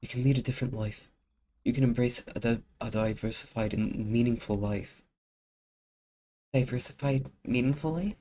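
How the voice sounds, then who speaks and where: A streamer voicing a calm, guarded woman leader in an attempted British accent, reading game dialogue aloud. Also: mid-range voice, moderate pace, lightly acted. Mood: measured.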